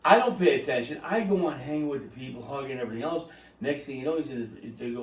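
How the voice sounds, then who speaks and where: A man hosting a podcast, telling a story in a lively, laughing way and acting out quotes. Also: mid-range voice, fast talker. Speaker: podcast host. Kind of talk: casual storytelling chat. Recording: roomy, distant mic.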